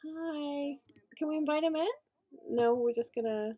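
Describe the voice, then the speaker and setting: A young woman giving chatty gameplay commentary as a let's play host, reacting loudly and laughing often. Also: high voice, measured pace, highs cut off.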